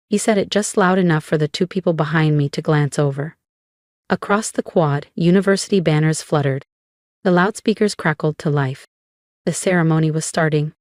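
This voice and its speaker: In a close, dry recording free of room sound, a woman with a fairly low, darkish voice calmly recounts a revenge story in the first person. She measures her words and pauses deliberately.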